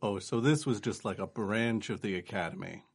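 Man, tabletop player, gruff, gravelly, incredulous. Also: lowish voice, normal speed.

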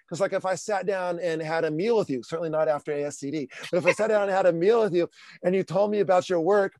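A man talking as a podcast guest, energetic and animated, with lots of casual fillers. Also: high voice, quick pace, no room sound. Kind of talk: casual interview talk.

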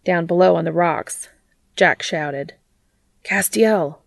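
A woman reading fiction aloud as a narrator, in a steady, even way. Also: on the low side, measured pace, creaky, no echo. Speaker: audiobook reader.

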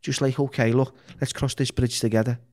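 A man's voice: medium pitch, flat delivery, fairly quick, a little mellow. A man from Liverpool with a broad local accent tells his life story as a podcast guest, speaking frankly and with feeling. He swears freely and often stumbles over restarts as he works his way to a point. His voice sits in an ordinary middle range. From Liverpool, England. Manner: frank and emotional, heavy swearing, many restarts. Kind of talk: candid personal storytelling.

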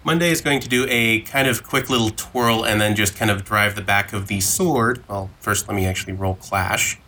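A man's voice: lowish voice, normal speed, bright, forceful tone. A man playing in a tabletop game, casually describing his character's actions. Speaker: player.

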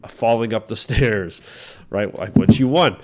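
A man co-hosting a casual film podcast, relaxed and agreeable, talking with many fillers. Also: fairly low pitch, normal speed. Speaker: podcast co-host.

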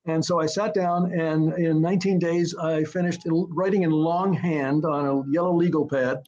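A man's voice: a little high, steady tone, moderate pace, a little mellow. An older man, a screenwriter guest, tells stories in a rambling way, with many fillers and restarts, and sometimes taps out a rhythm aloud. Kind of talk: anecdotal storytelling interview. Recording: dull lo-fi sound.

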